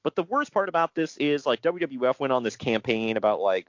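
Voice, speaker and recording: Animated sarcastic man on a lo-fi podcast. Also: a little high, brisk, hardly any pauses, dry recording. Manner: animated, sarcastic, laughs often. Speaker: podcast co-host. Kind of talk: casual wrestling news chat.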